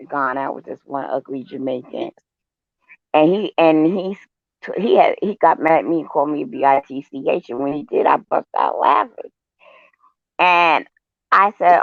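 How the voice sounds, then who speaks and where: A woman's voice: deep voice, creaky, no echo. A woman co-hosting a casual chat show, telling brash stories with laughter. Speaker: show co-host. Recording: dull lo-fi sound.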